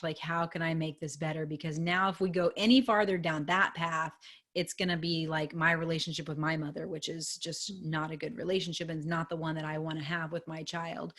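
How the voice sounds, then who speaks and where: Chatty woman telling a story, lowish voice. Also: fairly bright tone. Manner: chatty, lots of likes and ums, acts out quoted lines. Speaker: podcast host. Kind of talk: casual storytelling monologue.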